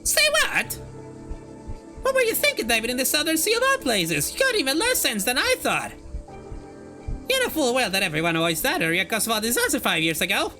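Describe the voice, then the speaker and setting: A blunt, scolding older village woman in a story game, put on by a streamer. Her voice rides high with a sharp, forceful tone and wild swings in pitch as she lays down the law. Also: huge pitch swings, fairly quick, faint music behind, full character voice.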